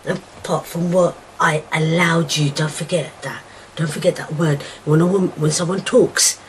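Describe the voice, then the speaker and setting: Middle-aged woman, low voice, raw and emotional personal account, jumps from shouting to whispering, faint background hiss. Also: fairly even intonation, moderate pace, low-quality recording. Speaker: mother telling her daughter her story.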